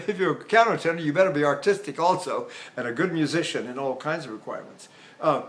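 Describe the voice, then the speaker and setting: An older man lectures on vocal technique in a rambling, demonstrative way. His speaking voice sits notably high for a man, and he keeps breaking off to show sounds and exercises. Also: fairly bright tone. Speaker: voice teacher.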